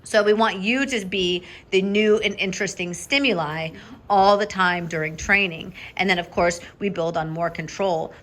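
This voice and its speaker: A woman dog trainer coaching a student through a lesson in an upbeat, directive way, often checking in with "okay?" and breaking into bursts of high praise for the dog. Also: a bit bright.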